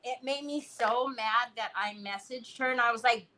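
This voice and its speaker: A woman hosting a live crafting stream, chatting casually and telling animated stories as she works. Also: fairly high pitch, moderate pace, low-quality recording. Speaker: craft livestream host.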